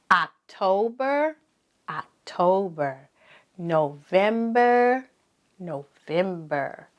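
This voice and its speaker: A woman teaching preschoolers, saying each word slowly and repeating it for the children to echo, with lots of praise. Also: medium pitch. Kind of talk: slow sing-song preschool lesson.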